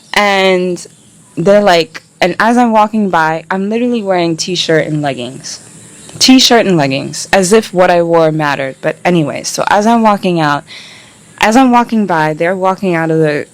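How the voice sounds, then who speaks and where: A woman's voice: fairly low pitch, moderate pace. A young woman telling a candid travel vlog story, blunt and exasperated, swearing freely and mimicking the men who catcalled her. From United States.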